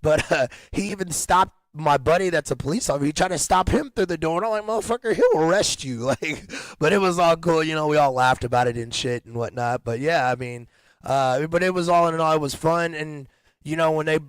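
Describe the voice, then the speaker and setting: A man's voice: a little high, steady tone, a little fast, no echo. A man hosting a casual podcast chat, rambling in slang with frequent restarts and laughter. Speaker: podcast host.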